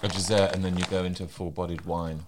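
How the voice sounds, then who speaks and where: A man's voice: low voice, flat delivery, fast, very noisy. A man co-hosting a podcast in casual chat, wry and teasing. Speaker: podcast co-host.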